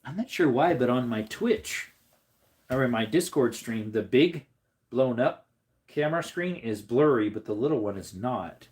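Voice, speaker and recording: A man chatting casually on a livestream, rambling to his viewers and breaking into high baby talk with his dog. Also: lively intonation, measured pace, darkish tone.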